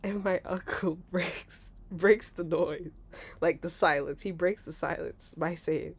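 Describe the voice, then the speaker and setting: A young woman vlogger telling a story casually, animated and laughing, acting out voices with big jumps. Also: lowish voice, slow pace, husky.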